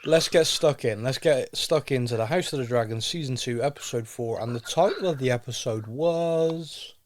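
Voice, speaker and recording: A man hosting a podcast in a relaxed, jokey way, rambling and talking straight to his listeners. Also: mid-range voice, normal speed. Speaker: podcast host. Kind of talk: casual podcast chat.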